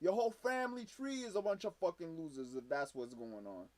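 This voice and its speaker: A man's voice: a little high, brisk, no room sound. A young man streaming, ranting with angry, profane reaction commentary.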